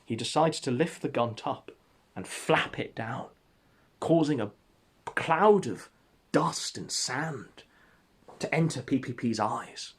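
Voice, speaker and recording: A man telling an absurd story as comedic narration, in a deadpan, mock-epic way. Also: mid-range voice, slow pace, pauses often, slightly rough.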